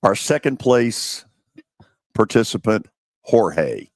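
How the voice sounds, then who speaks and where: A man's voice: fairly low pitch, takes it slowly, dry recording, clean studio sound. A man hosting a sports radio show, teasing his panel and running the banter. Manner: animated, teasing, drives the banter. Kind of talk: casual sports talk.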